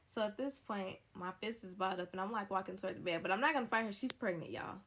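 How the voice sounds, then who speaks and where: A young woman telling a dramatic story to her listeners in a casual, animated way. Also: medium pitch, fast, noisy background.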